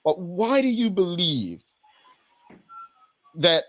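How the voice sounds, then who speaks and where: A man's voice: sits high, sing-song, takes it slowly, fairly bright tone, no echo. A man from Bermuda hosting a talk show, conversational and thinking aloud, often repeating himself.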